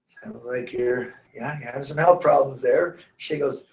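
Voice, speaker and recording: In an echoey room far from the mic, a man with a mid-range, unhurried voice shares stories during a casual interview. The San Francisco Bay Area native, USA, is a guest teacher of students and clients who acts out quoted people with lively flair.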